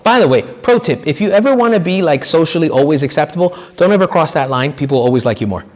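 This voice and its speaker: A man's voice: a little high, expressive, quick pace, in a large hall. A man giving a retreat talk as a priest, in a conversational, joking way, acting out quoted people. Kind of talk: retreat sermon.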